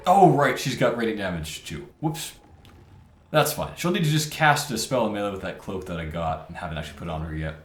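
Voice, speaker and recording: A man with a low voice talks through his game moves, thinking aloud and muttering over tactics. His pitch swings up and down as he talks. The voice sounds a little roomy, and game music plays clearly behind him. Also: lively intonation, fairly quick. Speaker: gameplay commentator. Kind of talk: casual let's-play commentary.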